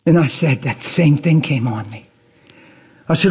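Man, pastor, impassioned sermon, high voice, husky, in a church. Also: wildly swooping pitch, measured pace, pauses often, darkish tone. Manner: impassioned preaching with big pitch swings.

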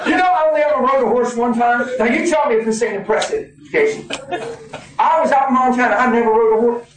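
A man in his fifties preaching a sermon, folksy and animated, laughing as he tells stories. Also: very high-pitched, fast talker, slight background noise. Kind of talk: sermon with storytelling. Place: church hall. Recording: echoey hall from far off, crowd. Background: congregation.

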